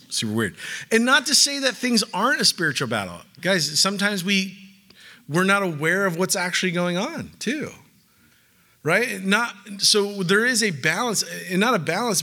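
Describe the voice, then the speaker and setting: Male preacher, loose conversational sermon, light humor, high ringing tone. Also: sharp tone. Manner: casual, joking asides, frequent "like" and "okay?"; reads scripture aloud within the talk.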